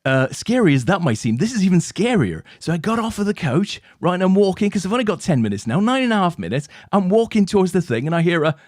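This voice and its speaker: A man co-hosting a chat show and telling a lively anecdote, often tagging his lines with "right?". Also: high voice, fast, hardly any pauses, dry recording, studio quality. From England. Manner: animated anecdote-teller, tags lines with "right?". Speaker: co-host. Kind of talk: casual storytelling chat.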